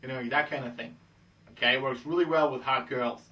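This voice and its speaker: A man's voice: mid-range voice, steady tone, a little fast, bright, forceful tone, distant mic. A man giving casual dating advice who keeps checking in with "okay?". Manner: breezy, acts out pickup lines in quoted voices, says "okay?" a lot. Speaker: dating coach. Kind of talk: casual instructional talk.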